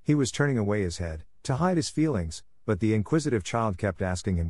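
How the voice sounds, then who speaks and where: A man reading a classic children's story aloud as narrator, in a measured, even storytelling manner. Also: on the low side, no echo, studio quality. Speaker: audiobook narrator. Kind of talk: storybook reading for English listening practice.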